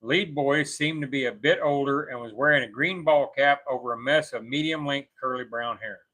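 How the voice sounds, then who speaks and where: A man's voice: mid-range voice, brisk, bright, forceful tone, low-quality recording. A man co-hosting a show, reading a scary story aloud and now and then correcting his own slips.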